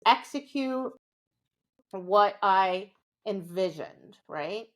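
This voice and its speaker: A woman's voice: medium pitch, animated, slow. A woman co-hosting a podcast, explaining dog training in a casual, conversational way and often checking in with "right?".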